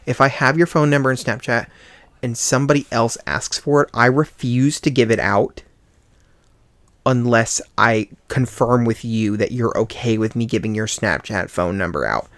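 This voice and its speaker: A young man hosting a podcast, telling a personal story in a casual, animated way and acting out what people said. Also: medium pitch, moderate pace, no room sound. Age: young adult. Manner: animated, acts out quoted voices with sighs and laughs. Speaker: podcast host.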